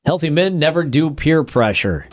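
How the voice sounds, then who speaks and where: A man's voice: fairly high pitch, expressive, normal speed, faint music behind. An American man co-hosting a casual podcast, joking and reading out internet posts in mocking voices. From United States. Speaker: podcast co-host.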